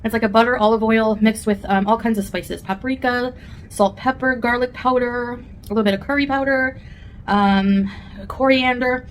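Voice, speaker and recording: A woman's voice: a little high, steady tone, normal speed, slight background noise. A woman vlogger chatting candidly at home while eating, rambling from one thought to the next in a casual mukbang. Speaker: food vlogger.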